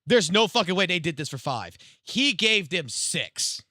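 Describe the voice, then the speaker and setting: A young man streaming live with a high, piercing voice and a habit of cursing. He rattles on like a mock auctioneer, and the sound is dry, close and free of room echo. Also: very animated, a little slow, pushed and bright. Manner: profane, mock-auctioneer patter. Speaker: livestreamer. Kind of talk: casual live-stream reaction.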